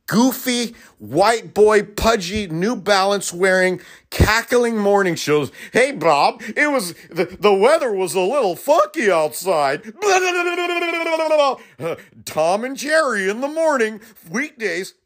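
Man ranting with wide pitch swings. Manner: heated, profane, swings from low mutters to loud outbursts. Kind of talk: impassioned political rant.

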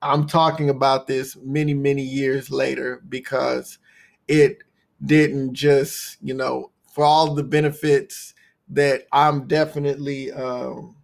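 A man's voice: mid-range voice, flat delivery, slow pace, creaky. A man hosting a recurring segment, speaking in a casual motivational monologue. He repeats phrases for punch and talks in laid-back slang, often saying "man.". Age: adult with a son.

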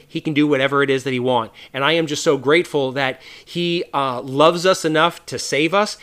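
A man hosts a faith podcast in a loose, earnest monologue. He talks at a slightly higher pitch with a bright, forceful edge, and often stops to restart a thought or add a filler. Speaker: podcast host.

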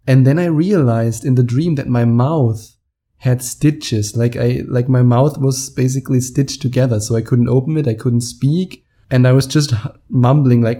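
A young man with a German accent talks straight into the mic, laughing now and then as he acts out what people said. His voice is very dark and mellow, with a relaxed tone. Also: medium pitch, moderate pace. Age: 20s. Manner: animated storyteller, laughs often, acts out quotes. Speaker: podcast host. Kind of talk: casual monologue.

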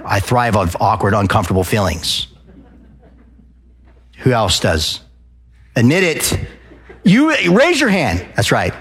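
A man from Arizona speaking at a live event, lecturing an audience in a loud, passionate way and often checking in with "okay?" and questions. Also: fairly low pitch. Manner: addresses the crowd with frequent "okay?" and questions.

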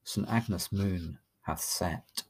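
A man reading a long narrative poem aloud in a measured, expressive way. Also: low-pitched, slightly rough. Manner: slow, measured, expressive recitation. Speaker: poetry reader. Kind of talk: dramatic poetry reading.

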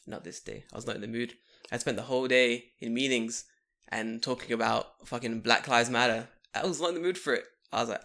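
A young man telling a long story in casual chat, profane and animated, acting out what people said. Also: mid-range voice, fairly quick. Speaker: podcast co-host telling a story.

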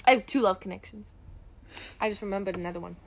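A young woman co-hosting a podcast, chatting casually and bubbly, often gasping and laughing. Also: fast talker. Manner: doing high squeaky voices when quoting. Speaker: podcast co-host. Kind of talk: casual chat.

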